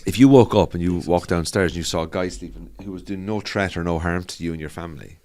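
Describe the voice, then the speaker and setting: A man with a Cork Irish accent, a comedian guest on a podcast, trading quick, crude banter in casual chat. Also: deep voice, a little mellow. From Cork, Ireland.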